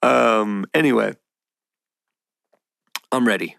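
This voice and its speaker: A man with a lowish, gravelly voice rambles on in a loose, playful monologue. He slips into mock voices now and then. The sound is dry and close, with no room around it. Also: slow pace, fairly bright tone, dry recording. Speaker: podcast host. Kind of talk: casual monologue.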